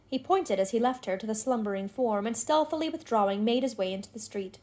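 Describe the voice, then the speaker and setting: A woman reads a classic novel aloud in a measured, expressive way. Her voice sits fairly high for a woman. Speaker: audiobook narrator. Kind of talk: scripted narration of a classic novel.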